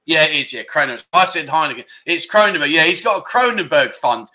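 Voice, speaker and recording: A man, chatting loosely and jokily like a relaxed livestream host. His voice sits a little high for a man and has a sharp, very bright edge. He rambles from story to story with plenty of asides. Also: a little fast. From United Kingdom. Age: 50s. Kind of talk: casual chat show, reading viewer comments.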